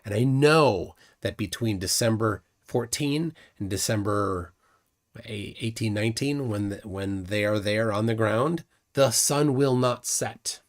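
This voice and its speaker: A man's voice: fairly low pitch, a little slow. Guy hosting a livestream, combative and mocking, keeps repeating himself mid-rant. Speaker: livestream host. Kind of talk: casual livestream debunking.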